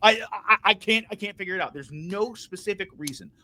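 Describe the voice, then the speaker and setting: A man's voice: high-pitched, a little fast, sharp tone. A young man co-hosting a podcast, ranting heatedly and swearing a lot in casual chat. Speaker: podcast co-host.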